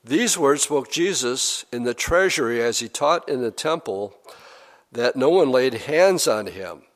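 Slow-preaching man in a reverberant hall. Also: medium pitch, animated. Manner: slow and deliberate, reads scripture aloud. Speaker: pastor. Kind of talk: verse-by-verse sermon. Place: church hall.

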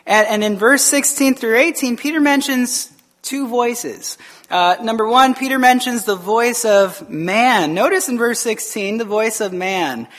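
A male pastor preaching a casual, conversational sermon in church, lively and full of restarts, acting out the voices he quotes. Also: extremely high pitch, unhurried. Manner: casual and chatty, with frequent restarts and laughs. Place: church sanctuary, also streamed online.

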